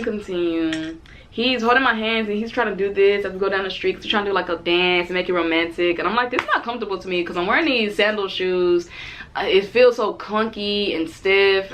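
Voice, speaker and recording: Young woman in her twenties, casual vlog storytelling, animated, acts out quotes, mid-pitched voice. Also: a little fast. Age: 20s. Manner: animated, acts out both sides of the date in quotes. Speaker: vlogger.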